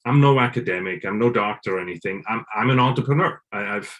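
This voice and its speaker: A man from Switzerland, a guest in a casual interview, talking in halting bursts with many restarts. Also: on the low side, fairly bright tone.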